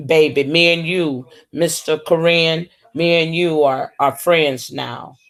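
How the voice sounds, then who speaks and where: Lady talkin slow on her livestream, sweet-talking the chat, lots of baby and honey. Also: deep voice, fairly even intonation. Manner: slow, drawling, full of terms of endearment. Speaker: livestream host. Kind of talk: casual livestream chat with viewers.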